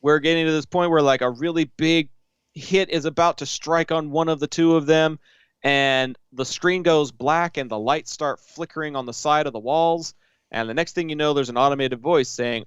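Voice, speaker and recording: A man co-hosting a podcast, casually chatting and retelling stories with animated quoted asides. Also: a little high, normal speed, clean tone, no echo, highs cut off. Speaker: podcast co-host. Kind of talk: casual chat.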